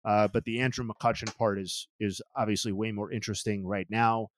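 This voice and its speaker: A man's voice: lowish voice, little pitch movement, a little fast, dry recording. A man hosting a casual baseball podcast, talking through news with lots of ums and dry humor. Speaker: podcast host. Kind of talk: casual sports chat.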